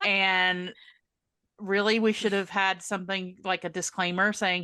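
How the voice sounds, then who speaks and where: A woman's voice: medium pitch, little pitch movement, a little slow, sharp tone, clean tone, no echo. A woman co-hosting a podcast, chatting casually and talking her points through thoughtfully. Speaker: podcast co-host. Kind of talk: casual chat.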